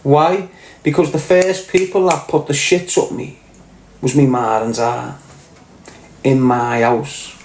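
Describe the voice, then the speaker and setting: This livestream host from Liverpool talks slowly in a level, mid-range voice with a darkish tone, pausing often. He reads chat and rants bluntly with swearing, with slight background noise and a roomy echo.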